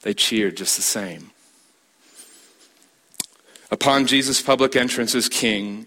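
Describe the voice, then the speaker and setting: A man preaching a sermon as a pastor, building emphasis with dramatic pauses and repeated phrases. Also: mid-range voice, sharp tone.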